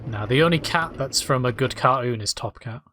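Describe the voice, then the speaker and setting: A man's voice: medium pitch, moderate pace, pushed and bright, a little hiss or hum. A man giving crude, rambling, jokey commentary while streaming a game. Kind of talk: casual gameplay commentary.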